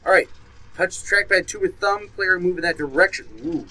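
A gaming YouTuber with a high voice talks quickly and sharply through a VR horror let's play, jumpy and swearing, yelping and talking back to the game. He's likely using a headset mic, and the audio is poor.

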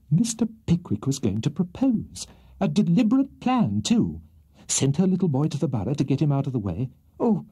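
A man narrating a classic novel for a children's audiobook in an expressive, lilting storytelling manner. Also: mid-range voice, breathy edge, no echo. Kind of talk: classic novel read aloud.

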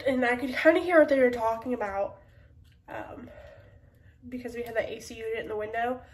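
A woman's voice: on the high side, far from the mic, a little hiss or hum. Congested woman chatting in an echoey kitchen. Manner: rambling, chatty, with laughs and sighs. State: congested nose. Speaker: vlogger. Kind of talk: casual vlog chat. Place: kitchen at home.

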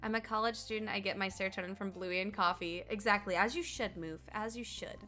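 A woman's voice: mid-range voice, fairly even intonation, fairly quick, bright, forceful tone, soft background music. A young woman from Colorado in her twenties, chatting casually with her stream while gaming, laughing often and answering chat. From Colorado, United States.

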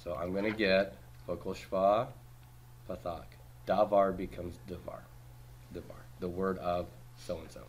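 A man teaching a class, reviewing homework by asking brisk questions and cracking dry jokes. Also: low-pitched, flat delivery, slight background noise. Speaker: Hebrew teacher.

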